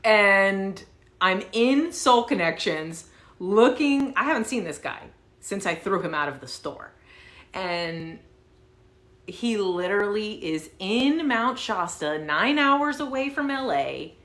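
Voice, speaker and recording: A woman's voice: medium pitch, takes it slowly. Roomy-sounding woman telling a story. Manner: animated, swears casually, fillers like "like". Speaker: channel host. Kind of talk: casual storytelling to viewers. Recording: roomy echo.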